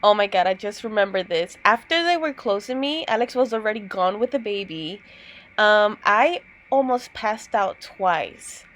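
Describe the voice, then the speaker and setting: A woman's voice: mid-range voice, lively intonation, moderate pace, a bit bright. A young woman in casual vlog style, rambling through a story with many likes and ums, recovering from surgery. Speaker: new mother.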